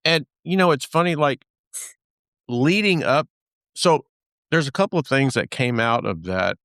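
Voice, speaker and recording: A man's voice: mid-range voice, animated, unhurried, fairly bright tone, dry recording, studio quality. A man from Texas hosting a podcast in casual chat, rambling with lots of fillers and restarts. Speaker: podcast host.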